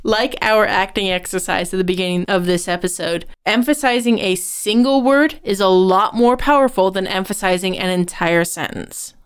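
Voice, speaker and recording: Very smooth-voiced woman podcast co-host. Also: medium pitch, moderate pace, few pauses. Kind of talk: conversational writing-advice podcast.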